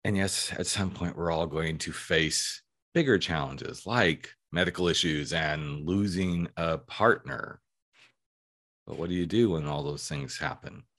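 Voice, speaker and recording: Deep-voiced chatty podcast host man. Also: unhurried, a bit bright. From California. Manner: earnest, chatty, with rambling asides. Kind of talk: casual podcast chat.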